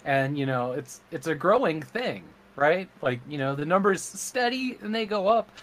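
A man's voice: on the high side, lively intonation, normal speed. A man talking in casual chat, earnest and rambling, with many fillers. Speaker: streamer and podcast co-host.

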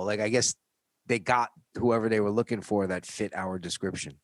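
Low voiced guy from new york telling a story, acts out the yelling, dry close sound. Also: moderate pace, no room sound. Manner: animated, acts out shouting cops. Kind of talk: casual storytelling chat.

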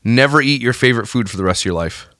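Fast-talking man on a casual podcast. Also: mid-range voice, expressive, sharp tone, dry recording, clean studio sound. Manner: joking, rambling, quick. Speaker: podcast co-host. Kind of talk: casual chat.

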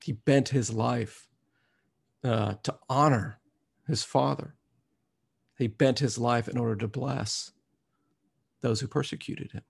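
A man's voice: medium pitch, fairly even intonation, takes it slowly, vocal fry, long pauses, husky. A man preaching a sermon, reflective at first and growing emphatic as he reads scripture aloud.

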